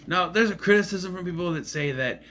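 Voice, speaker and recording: A man's voice: sits high, brisk, sharp tone. A man casually recapping a movie in a rambling, musing way, often admitting he is unsure. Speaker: movie reviewer.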